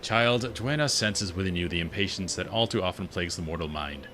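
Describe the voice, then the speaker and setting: A man voicing a gentle male angel who speaks for a goddess, in formal, solemn phrasing while reading game dialogue aloud. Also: deep voice, brisk, slight background noise.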